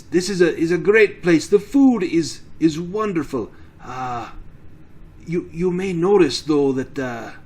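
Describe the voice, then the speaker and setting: A man's voice: fairly high pitch, a little mellow, voice pushed up. A man voicing a friendly old village priest with an Irish accent, rambling and eager.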